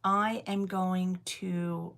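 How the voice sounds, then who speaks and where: A woman with a low, gravelly voice hosts a relaxed livestream from her home. She chats on in a loose, rambling way, full of ums, as she shows off her knitting. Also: very slow. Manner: rambling and chatty, with many ums. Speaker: livestream host. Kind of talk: casual livestream chat while showing knitting. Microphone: phone.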